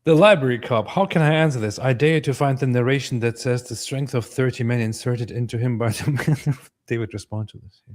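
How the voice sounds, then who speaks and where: A man from Turkey co-hosting a livestream, reading viewer comments aloud in a relaxed, chatty way. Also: medium pitch, fairly quick. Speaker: co-host reading chat. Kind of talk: casual livestream chat.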